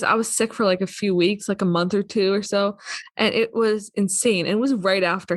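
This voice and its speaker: A woman chatting on a podcast in an easygoing way, often slipping laughs between her sentences. Her pitch is middling for a woman. The sound is close and dry. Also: dry recording. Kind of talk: casual chat.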